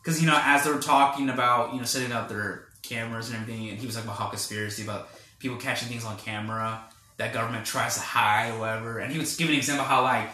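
A man's voice: medium pitch, steady tone, rapid-fire, bright, forceful tone. A young man hosting a podcast, rambling through a casual film review with lots of fillers. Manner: rambling, filler-heavy retelling. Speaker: podcast host. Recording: roomy echo.

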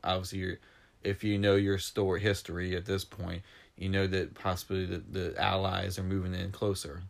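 A man in casual conversation, retelling a film's plot with animated, emotional storytelling and coming close to tears. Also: sits low, moderate pace, creaky. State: near tears. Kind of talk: casual film discussion.

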